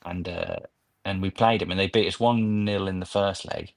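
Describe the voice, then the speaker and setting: A man with a fairly low voice chats casually as a podcast guest. He drifts from story to story in a loose, reminiscing way, piling on detail as he goes. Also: fairly even intonation, normal speed. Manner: rambling nostalgic anecdotes. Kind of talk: casual chat.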